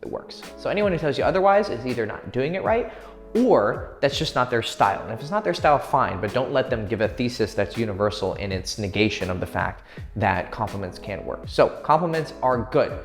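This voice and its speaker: Brash, cussing dating coach in an echoey room. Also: male voice, mid-range voice, expressive. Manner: brash, crude and swaggering, acts out quick pick-up lines. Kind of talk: profane, direct dating advice. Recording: echoey room with long reverb and faint music.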